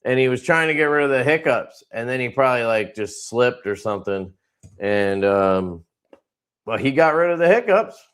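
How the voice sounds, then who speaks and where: A man's voice: medium pitch, animated, moderate pace, clear, resonant tone. A man hosting a casual livestream from his knife company, showing products in a laid-back, rambling way with crude jokes.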